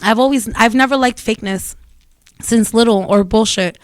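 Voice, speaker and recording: A woman's voice: on the high side, normal speed, no room sound, studio quality. A young woman, talking casually and bluntly to her viewers, rambling and swearing freely. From Dominican family in New York. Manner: blunt, profane, rambling storytelling. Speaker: vlogger. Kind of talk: casual monologue to camera.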